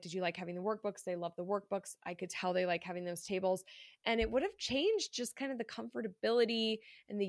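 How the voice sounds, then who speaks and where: A woman's voice: mid-range voice, dry recording, clean studio sound. Chatty congested woman podcaster. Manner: candid, chatty, swears casually, many fillers. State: congested from allergies. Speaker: podcast host. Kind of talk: casual solo podcast monologue.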